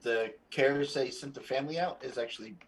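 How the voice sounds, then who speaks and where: A man narrating as game master of a tabletop role-playing game, slow and relaxed, with frequent hesitations. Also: medium pitch, slight background noise.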